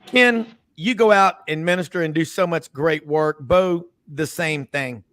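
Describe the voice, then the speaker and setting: A man with a high voice hosts a casual sports talk show. He rambles through stories and slips into the voices of the people in them. The sound is dry and close. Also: a little slow, a bit bright, no room sound. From Memphis, US South. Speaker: host.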